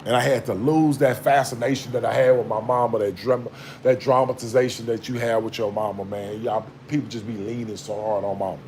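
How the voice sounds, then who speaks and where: A man, talking in a blunt, slangy, preachy way that swings between quiet reflection and raised scolding. His voice sits in a middle pitch and is recorded on a phone held low. A faint noise hums underneath. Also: fairly even intonation, brisk. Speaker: vlogger. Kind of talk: casual spiritual monologue. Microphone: phone camera held low.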